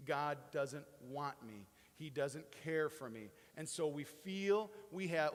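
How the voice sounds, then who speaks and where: A man preaching a sermon as pastor, dropping soft for quotes and rising with excitement. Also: fairly high pitch. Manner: swings between hushed quoting and rising excited emphasis. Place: church sanctuary. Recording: long hall reverb.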